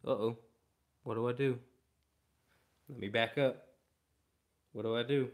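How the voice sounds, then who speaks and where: A man's voice: medium pitch, fairly even intonation, measured pace, lightly acted. A man voicing the inner thoughts of a wary male dog, in a casual, self-talking way. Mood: grumbly.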